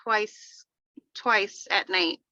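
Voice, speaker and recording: Slow-talking woman with a bright voice. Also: mid-range voice, no echo, highs cut off. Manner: slow, relaying questions. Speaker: team leader on a call. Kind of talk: casual call.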